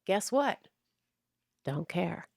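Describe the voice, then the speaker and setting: A woman's voice: lowish voice, big pitch swings, very slow, gravelly, darkish tone, dry recording, clean studio sound. A woman in her thirties hosting her own show, ranting bluntly and profanely with a mocking edge. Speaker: podcast host. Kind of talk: ranting monologue.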